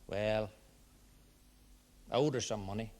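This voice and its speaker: An actor playing a folksy, rambling Irish man giving evidence in a courtroom drama, talking in halting, run-on stretches. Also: lowish voice, steady tone, a little mellow. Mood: chatty. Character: rambling Irish male witness, petty fraudster. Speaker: witness.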